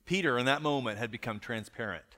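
A man preaching a sermon in a reflective way. He asks rhetorical questions and drops softer on key lines. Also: mid-range voice, fast. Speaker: pastor. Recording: long hall reverb.

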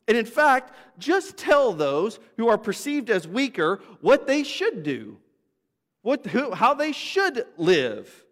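A pastor preaches to his congregation in a church sanctuary, telling stories conversationally and making asides to people in the room. His voice is very high with big pitch swings, and he speaks slowly. The church hall adds a long reverb.

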